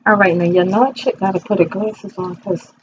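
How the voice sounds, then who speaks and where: A woman's voice: mid-range voice, a little fast, dull audio, slight background noise. A woman in her fifties doing a casual tarot reading from her bedroom, chatty and rambling, talking straight to her viewers. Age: 50s. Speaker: tarot reader. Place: bedroom at home.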